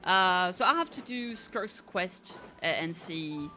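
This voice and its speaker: A woman with a light French accent chats casually with her stream viewers. Her voice is bright and clear. She rambles, restarts sentences and fills the gaps with ums. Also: fairly low pitch, expressive, slow pace, soft background music. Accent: slight French. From France. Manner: chatty, rambling, many fillers and restarts.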